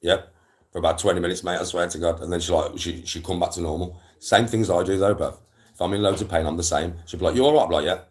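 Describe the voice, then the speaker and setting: A man's voice: sits low, fairly even intonation, quick pace. A man, chatting casually on a live stream and telling rambling stories full of slang and swearing.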